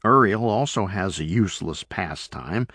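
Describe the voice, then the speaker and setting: A man narrating a story in the first person as an audiobook reader, measured and expressive. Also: sits low, husky, no echo, studio quality.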